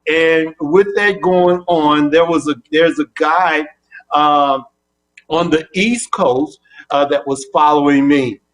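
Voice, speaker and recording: High-voiced older man telling a story. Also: slow. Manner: animated storyteller who acts out both sides of phone calls. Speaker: guest. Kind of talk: casual interview storytelling.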